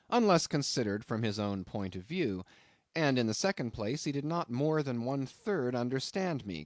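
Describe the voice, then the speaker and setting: A male audiobook narrator reads a classic novel in a medium voice that swings widely in pitch. His delivery is expressive and storytelling. The recording is dry, with no room sound. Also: no room sound.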